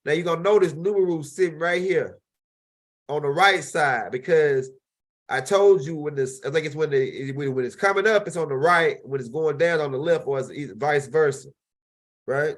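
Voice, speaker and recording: A man's voice: fairly high pitch, moderate pace. A man hosting his own channel, talking casually and animatedly over video clips, rambling with many restarts. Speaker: host.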